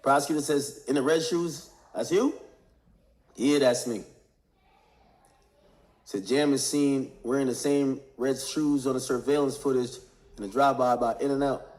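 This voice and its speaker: A man's voice: mid-range voice, fairly even intonation, unhurried, pauses often, a little mellow. A man giving casual, slang-heavy commentary, acting out quotes while he recaps court testimony.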